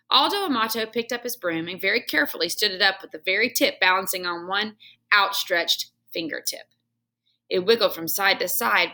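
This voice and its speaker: A woman's voice: mid-range voice, gravelly. Woman reading a kids' book at home. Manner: expressive storytelling with home asides to her son. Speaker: reader. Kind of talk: reading a children's book aloud.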